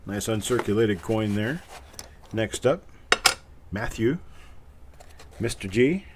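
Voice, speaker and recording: A man's voice: on the low side, darkish tone, slight background noise. A man hosting a live coin giveaway stream, chatting casually in an upbeat, joking way as he calls out viewers' names. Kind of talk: casual livestream chat.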